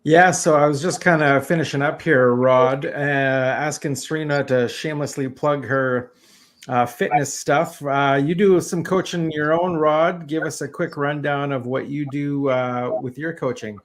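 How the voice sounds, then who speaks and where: A man's voice: fairly high pitch, fairly even intonation, measured pace. A man hosting a podcast interview, casual and laughing often, with frequent fillers. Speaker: podcast host.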